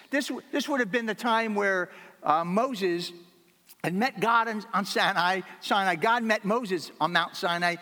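A pastor giving a sermon, earnest and emphatic, repeating key phrases for weight. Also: male voice, high-pitched, pushed and bright, long reverb tail.

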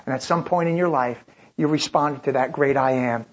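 A man's voice: on the high side, a little fast. A man preaching a sermon as pastor, emphatic, building through rising rhetorical questions. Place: church. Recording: dull lo-fi recording.

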